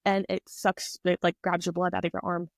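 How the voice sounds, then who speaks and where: A young woman in her twenties chats through a personal story as a podcast guest, her voice sitting a little low for a woman. She talks in an animated, rambling way, on a close, dry mic. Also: brisk, no room sound. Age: 20s. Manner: chatty, animated retelling with quoted voices. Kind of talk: casual storytelling.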